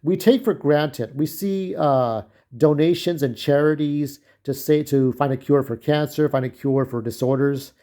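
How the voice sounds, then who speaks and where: A man's voice: on the high side, measured pace, few pauses, dark tone. A young man delivering an angry, profane personal rant to camera, often repeating himself and restarting sentences. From United States. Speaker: vlogger.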